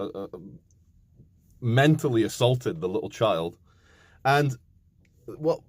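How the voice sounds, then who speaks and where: A man's voice: medium pitch, no room sound. A man in his thirties rants casually to his camera, swearing and slipping into mocking impressions. His voice sits in a middle register. The sound is close and completely dry. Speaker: vlogger.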